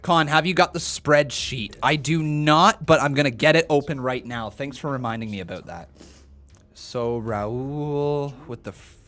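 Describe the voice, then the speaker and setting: A man hosting a wrestling watch-along stream, reacting with excitement and reading out viewers' chat messages. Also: medium pitch, measured pace. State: out of breath. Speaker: live-stream host.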